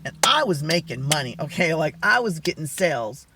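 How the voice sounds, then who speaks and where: A man with a soft, feminine-sounding voice telling a rambling story in a casual vlog chat. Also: on the high side, a little fast, vocal fry, background noise. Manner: rambling, animated storytelling with many asides. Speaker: vlogger.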